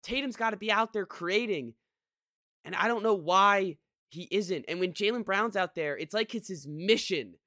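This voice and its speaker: This co-host's casual sports talk on a podcast comes out rambling and exasperated, with many restarted thoughts. For a man his voice is a bit high and bright, and his pace is normal. The audio is close and dry, with no room in it and no echo.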